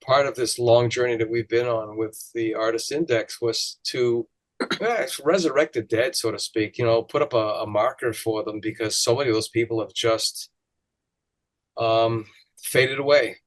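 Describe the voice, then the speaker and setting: A man's voice: mid-range voice, moderate pace. A hesitant, reminiscing man. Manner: reminiscing, hesitant with many fillers. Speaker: podcast host. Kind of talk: casual conversational interview.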